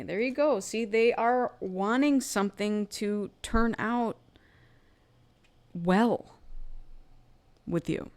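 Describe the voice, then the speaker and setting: A tarot card reader gives a casual love reading in a medium-pitched, slightly mellow voice, speaking slowly with long pauses. She's chatty and filler-heavy, often acting out what other people think, and the recording has no room sound.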